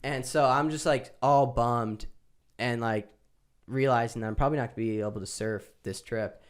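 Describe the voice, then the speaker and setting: A man's voice: medium pitch, normal speed. A young man, a podcast co-host, telling a travel story in casual chat and acting out the people in it. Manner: animated storyteller, acts out other people's voices.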